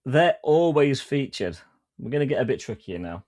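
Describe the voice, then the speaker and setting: A man hosts a quiz among podcast friends, teasing the players and stretching out his questions. His voice sits at an ordinary middle pitch, relaxed and chatty. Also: normal speed. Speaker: podcast co-host running a quiz. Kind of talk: casual quiz banter.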